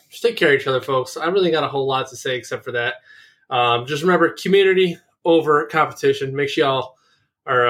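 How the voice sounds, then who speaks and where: A man co-hosting a casual woodworking podcast, talking in an animated, excitable way and laughing often. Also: a little high. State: out of breath. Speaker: podcast co-host. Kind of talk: casual podcast outro chat.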